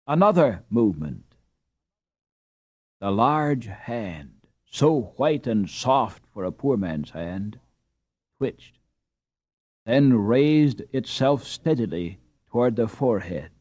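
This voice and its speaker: A man narrating a classic children's novel in a measured, expressive storytelling manner. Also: on the low side, dry recording. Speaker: audiobook narrator. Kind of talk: scripted narration.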